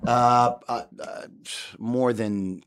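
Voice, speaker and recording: A man's voice: mid-range voice, fairly even intonation, drawn-out words, clean tone. A man co-hosting a casual podcast, telling rambling, self-mocking stories. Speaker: podcast co-host in recovery. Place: Florida.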